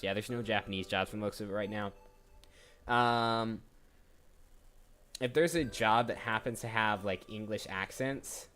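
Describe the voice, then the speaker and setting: A man who voices characters for a living streams casually, his voice on the low side but fairly bright. He browses while thinking aloud, often beginning sentences again, and faint music can be heard.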